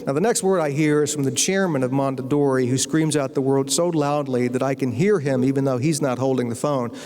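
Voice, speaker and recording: A man's voice: medium pitch, a little fast, a little mellow. American man telling a comic lecture story. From United States. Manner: anecdotal, with comic timing. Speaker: guest lecturer and novelist. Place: university lecture hall. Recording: long reverb of a lecture hall.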